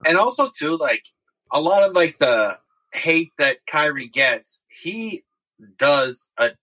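A man co-hosting a sports podcast in casual chat, talking in a measured, slightly hesitant way. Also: fairly high pitch, big pitch swings, bright, forceful tone, low-quality recording. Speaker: podcast co-host.

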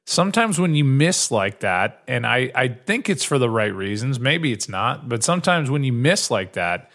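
A man's voice: mid-range voice, sing-song, moderate pace, fairly bright tone. A man co-hosting a podcast in casual chat, telling rambling stories with many restarts and acting out what others said. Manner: rambling storyteller, acts out quotes. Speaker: podcast co-host.

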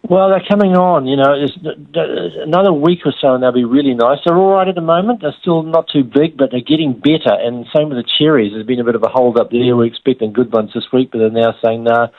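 Fast chatty kiwi fruit guy, upbeat, on a tinny phone line. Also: medium pitch, no echo. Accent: New Zealand. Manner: chatty, upbeat, friendly sales talk. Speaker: fruiterer, weekly radio guest. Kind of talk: casual radio phone chat.

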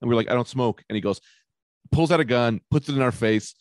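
A man chatting on a podcast, a loud, animated storyteller who swears freely. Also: mid-range voice, fast, dry recording. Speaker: podcast guest, comedian. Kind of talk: casual chat.

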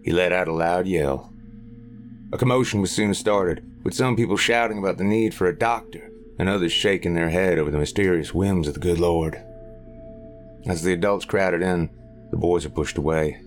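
Deep-voiced man narrating horror. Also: steady tone, normal speed, slight background noise.

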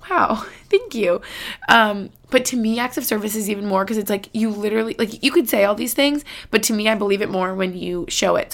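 A young woman vlogging about her relationship in a personal, emotional way, close to tears, full of "like" fillers. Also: mid-range voice. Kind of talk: personal vlog talk.

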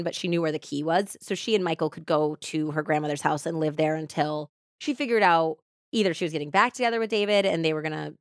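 This low-pitched woman hosts a podcast, giving a casual, chatty retelling of a true-crime case that's full of "like." The sound is clean studio audio with no echo.

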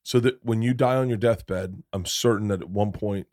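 A middle-aged man telling stories in a casual podcast chat, profane and animated, with many asides. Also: on the low side, moderate pace, no echo, clean studio sound. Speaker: podcast guest.

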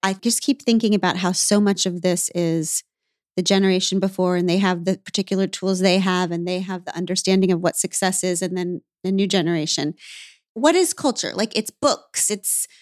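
A woman's voice: on the low side, moderate pace, no room sound, studio quality. A woman podcast host asking rambling, searching questions and thinking aloud in conversation.

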